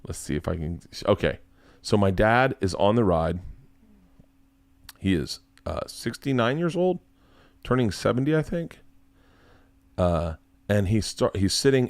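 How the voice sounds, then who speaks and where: A comedian in his forties telling a rambling story in a casual, excitable, profane way. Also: lowish voice, no echo.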